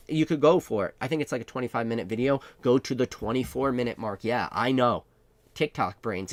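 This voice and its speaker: A man's voice: medium pitch, no room sound. Sarcastic ranting male vlogger. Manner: sarcastic, mocking, rapid rhetorical questions. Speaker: trading card investing channel host. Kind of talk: ranting monologue.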